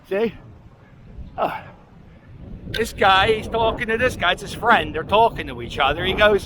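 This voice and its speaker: A man's voice: high voice, very animated, unhurried, pauses often, noisy background. A man rambling and joking as he walks his dog outdoors through city streets, filming as he goes. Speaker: vlog host walking his dog. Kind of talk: casual walking commentary.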